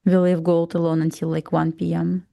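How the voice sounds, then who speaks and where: A woman's voice: on the low side, completely flat delivery, normal speed, gravelly, mellow, no echo, studio quality. A woman with a Russian accent co-hosting a live trading stream, pronouncing every letter carefully in casual chat.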